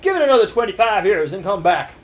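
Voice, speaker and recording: A man voicing a gruff, dismissive old male windmill keeper in a game. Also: high voice, big pitch swings, fast talker, faint music behind.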